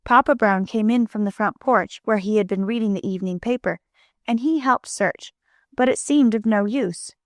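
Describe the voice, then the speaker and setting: A woman reading a children's storybook aloud as an audiobook narrator, in a gentle, clear manner, lightly voicing the characters. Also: medium pitch, moderate pace, no room sound, clean studio sound.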